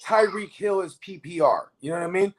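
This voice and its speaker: A man's voice: high-pitched, a little fast. A man co-hosting a live fantasy football show, talking casually and profanely and asking "you know what I mean" again and again. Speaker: fantasy football podcast co-host. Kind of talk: casual live-stream sports chat.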